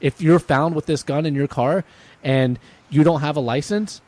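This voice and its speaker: A man's voice: fairly high pitch, moderate pace, darkish tone, dry recording. Rambling chatty podcast man. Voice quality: rambling, many restarts and fillers. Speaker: podcast co-host. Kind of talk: casual chat.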